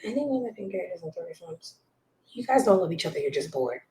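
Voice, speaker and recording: A woman hosting a gossip show from home on a desk mic, blunt and judgmental, swinging between loud outbursts and hushed asides. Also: on the low side, big pitch swings, fairly quick, roomy sound, slight background noise, rough recording. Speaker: show host. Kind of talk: casual gossip commentary. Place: home room with a child nearby.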